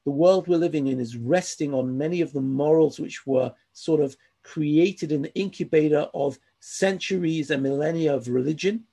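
A man's voice: on the high side, moderate pace, creaky, few pauses, warm tone, slightly rough. Earnest man lecturing from a text. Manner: earnest, emphatic reading with asides. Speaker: teacher. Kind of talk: class lecture reading from a text.

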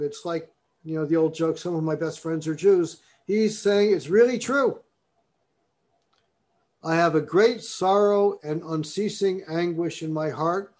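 A man's voice: a little high, a little mellow. A man giving a university lecture in a classroom, talking his way through a topic and reading passages aloud with emphasis.

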